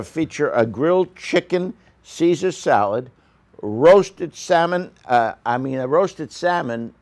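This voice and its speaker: A man giving a casual, rambling restaurant review on a local news show, full of fillers and asides. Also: mid-range voice. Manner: rambling, with frequent fillers and coughs.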